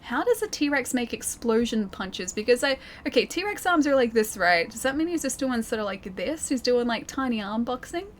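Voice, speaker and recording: A woman's voice: a little high, very animated, normal speed, few pauses, a little hiss or hum. An Australian woman streaming a game, chatting casually with her viewers and laughing often. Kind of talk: casual live-stream chat while gaming.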